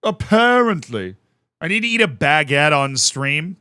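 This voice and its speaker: A man's voice: a little high, sing-song, unhurried, sharp tone, clean tone, dry recording, studio quality. A young man from the United States chatting casually on a live stream, rambling and self-mocking as he thanks viewers by name.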